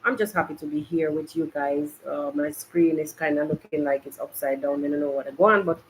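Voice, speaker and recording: Talking fairly quickly at a medium pitch, a podcast host from Jamaica rambles in a chatty way to live viewers. The laptop recording comes from a makeshift home studio in a hot, bright room and sounds rough, with a little hiss or hum.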